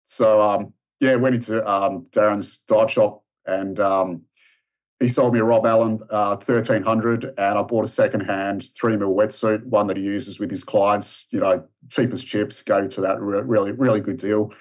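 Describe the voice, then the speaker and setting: Speaking at a moderate pace, he has a lowish voice and a steady tone. The speaker is a thirty-something Australian strength and conditioning coach, guesting on a podcast and rambling through a long story full of fillers and restarts in a casual interview.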